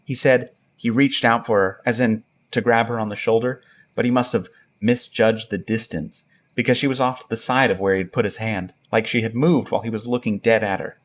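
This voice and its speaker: A man reading a first-person horror story aloud in a steady storytelling tone. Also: lowish voice, a little fast. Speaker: narrator. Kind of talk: scripted narration of a horror story.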